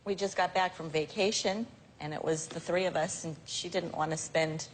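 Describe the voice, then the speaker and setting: A woman's voice: on the low side, steady tone, normal speed, slight background noise, rough recording. A woman appearing as a guest on a talk show, speaking hesitantly about her family.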